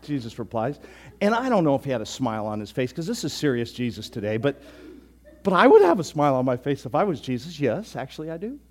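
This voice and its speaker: A male pastor speaks quickly at a medium pitch while preaching. The sermon comes across as lively and conversational, with sharp bursts of emphasis.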